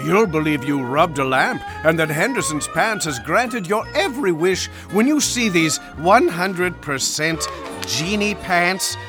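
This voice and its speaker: A man playing a cranky radio ad announcer in a comedy audio sketch, swinging from a smooth ad read to a profane rant. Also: high-pitched, lively intonation, measured pace. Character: cranky adult male radio ad announcer, ranting. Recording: music playing behind.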